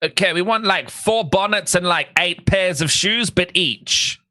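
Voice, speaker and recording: A man's voice: high voice, a little slow, sharp tone. A man playing a tabletop game, joking and playful in casual role-play. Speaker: player.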